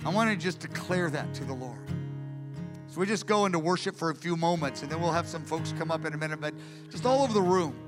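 A man preaching a sermon in a church, passionate and animated, acting out the voices he quotes. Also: a little high, fast. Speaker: pastor. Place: large church hall. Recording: reverberant church hall with music. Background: guitar worship music.

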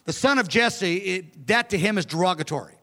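A high-voiced man preaches a verse-by-verse Bible teaching, animated and conversational, slipping into the characters as he goes. His voice carries with a long reverb through a church hall. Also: brisk. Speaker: pastor.

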